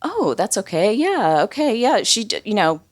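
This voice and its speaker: A woman's voice: mid-range voice, very animated, normal speed, pitched above the performer's own voice. A woman voicing a super friendly male worker at a senior center, eager and upbeat. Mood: cheerful.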